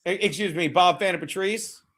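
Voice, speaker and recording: Brief: brash, profane male streamer, high voice, rambling play calls and chat banter. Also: fairly quick, a bit bright. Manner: profane, rambling, mutters while fiddling with browser; brash and mocking. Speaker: streamer hosting a betting watchalong. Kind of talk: live-stream commentary and chat.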